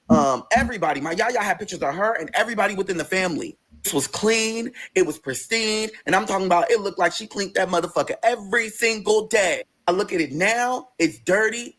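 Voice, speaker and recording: A man hosting a storytime vlog, telling a story with emphatic, profane energy and acting out other people's lines. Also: high voice. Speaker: vlog host.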